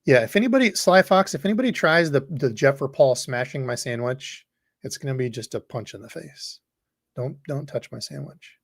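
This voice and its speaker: A man's voice: mid-range voice, lively intonation, fairly quick, vocal fry, no echo, studio quality. A man hosting a fishing livestream, rambling casually and reading viewer comments aloud. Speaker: fishing channel host.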